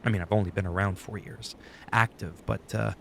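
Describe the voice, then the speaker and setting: A man with a low, creaky voice speaks a little fast in a steady tone, with slight background noise. Sitting at his home desk, the YouTuber talks into a studio dynamic microphone for a rambling, profane, conversational screen-recorded tutorial about recording settings.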